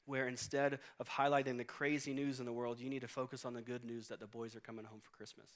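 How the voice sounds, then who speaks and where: A man's voice: mid-range voice, flat delivery, quick pace, hardly any pauses. Casual joking pastor in his thirties. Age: 30s. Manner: conversational storytelling with humor. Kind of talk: sermon. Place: church auditorium stage.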